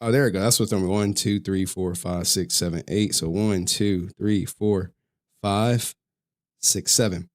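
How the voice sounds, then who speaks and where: A man's voice: sits low, steady tone, normal speed, hardly any pauses. A male streamer in a casual, profane rant to his viewers, slangy and often laughing.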